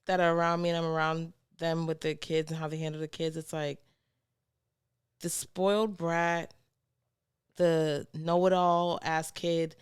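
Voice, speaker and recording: A young woman co-hosting a podcast, frank and emphatic in casual chat. Her voice is smooth and fairly low, recorded dry and close. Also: level tone, a little slow, no room sound. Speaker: podcast co-host.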